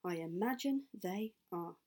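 A woman reading a storybook, voicing a proud, easygoing father who speaks in a relaxed, matter-of-fact way. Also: on the low side, a little slow, breathy edge. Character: proud poacher father, man, easygoing and warm.

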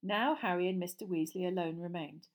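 A woman narrating a storybook audiobook in a steady, clear reading voice. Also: on the low side, a little fast.

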